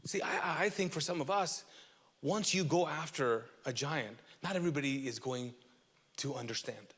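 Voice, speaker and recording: A man's voice: on the high side, normal speed, a bit bright, slightly rough, in a large hall. A man preaching a sermon as pastor, emphatic and repetitive, asking the audience questions.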